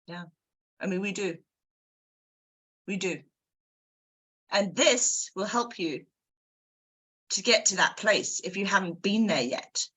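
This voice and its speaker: A woman hosting a book club, giving an energetic motivational talk straight to her listeners. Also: medium pitch, takes it slowly, long pauses, husky. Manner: energetic, addresses listeners directly.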